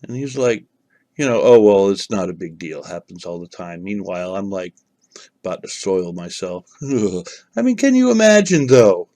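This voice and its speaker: A man's voice: low voice, normal speed, warm tone, dry recording. A man telling a personal story to the camera in a casual, rambling way, full of fillers and restarts.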